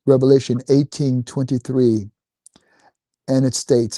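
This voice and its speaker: A man who is an author and guest on a talk radio show, speaking deliberately and reading passages aloud. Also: medium pitch, mellow, no echo. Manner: slow, deliberate, reads scripture aloud.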